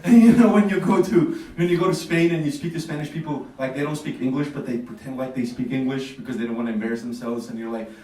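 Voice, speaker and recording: A man's voice: mid-range voice, fast talker, hardly any pauses, darkish tone. A man doing a stand-up comedy set in a small café club, telling loose stories, acting out dialogue and laughing at his own jokes. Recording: echoey café recorded from far off.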